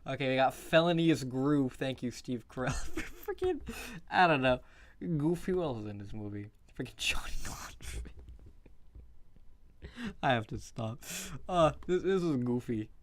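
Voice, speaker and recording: A man talks loosely on a casual live stream, rambling from thought to thought. He laughs often and swears freely. His voice sits at an ordinary middle pitch. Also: very animated, a little slow. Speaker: streamer reviewing movies.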